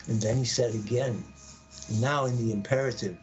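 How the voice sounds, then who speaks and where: Guy telling a wild personal story, mid pitch, acts out the quotes, faint music behind. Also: moderate pace, rough recording. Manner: animated, acts out quoted voices with sudden pitch jumps. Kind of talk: dramatic personal storytelling on a live podcast.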